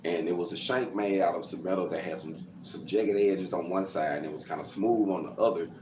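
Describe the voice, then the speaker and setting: A man recounts his own life in a loose, conversational monologue, often addressing his listeners as "y'all." His voice sits a little low. The room is echoey, with faint background noise. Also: brisk. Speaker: storyteller telling his own life story. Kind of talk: personal storytelling monologue.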